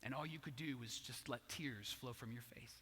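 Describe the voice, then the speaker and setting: A man's voice: medium pitch, normal speed, fairly bright tone, slightly rough, long reverb tail. A man preaching a sermon as pastor, telling a story and acting out its voices.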